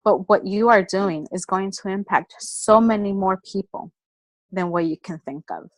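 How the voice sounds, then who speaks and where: A woman giving a personal motivational talk in an energetic, chatty storytelling manner. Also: mid-range voice, normal speed, dry recording, rough recording. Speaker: motivational speaker.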